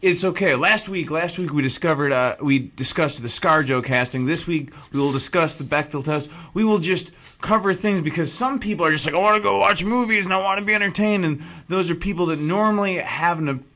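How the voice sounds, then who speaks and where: A man's voice: fairly high pitch, normal speed, few pauses, a bit bright. A man co-hosting a casual movie podcast, wry and rambling, acting out quotes as he talks. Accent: Pittsburgh. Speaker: podcast co-host.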